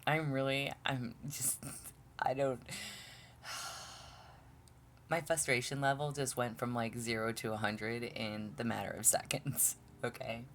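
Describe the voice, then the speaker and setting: Blunt, exasperated low-voiced woman. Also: little pitch movement, takes it slowly, fairly bright tone, a little hiss or hum. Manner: exasperated, blunt, swears often, stumbles over words. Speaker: tarot reader. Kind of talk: casual collective tarot reading.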